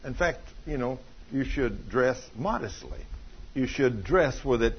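A middle-aged man preaching a sermon in a church, telling stories fervently and rising to loud emphasis. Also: mid-range voice, animated, unhurried, highs cut off, slight background noise. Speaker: pastor.

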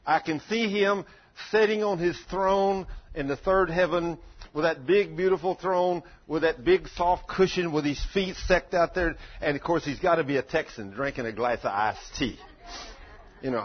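Older male preacher, husky voice, folksy storytelling, swells to loud fervor, muffled lo-fi sound. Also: a little high, normal speed. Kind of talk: sermon. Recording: dull lo-fi recording.

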